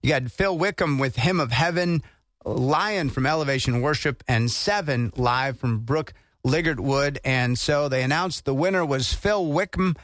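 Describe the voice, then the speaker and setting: A man hosting a radio show, chatting in a relaxed way and introducing songs. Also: medium pitch, unhurried, dry recording, studio quality. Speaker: radio host. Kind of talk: casual radio chat.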